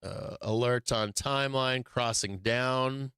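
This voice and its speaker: A man's voice: mid-range voice, slow, a bit bright, clean tone, no echo. A man hosting a stock market show who gives casual trading commentary in a blunt, profane, rambling way with many fillers.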